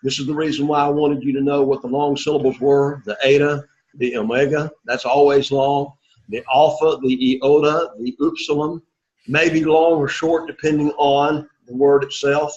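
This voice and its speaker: A man teaching Greek to a class, coaxing students and repeating words slowly for pronunciation. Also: on the high side, level tone, a little mellow, muffled recording. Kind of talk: classroom lesson.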